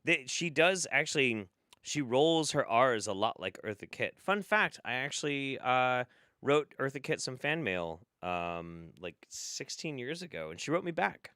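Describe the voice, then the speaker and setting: A man's voice: mid-range voice, big pitch swings, unhurried, bright, forceful tone, clean tone, dry recording, studio quality. A man hosting a live stream, casually reacting to clips with laughter, swearing and rambling asides. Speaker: streamer host.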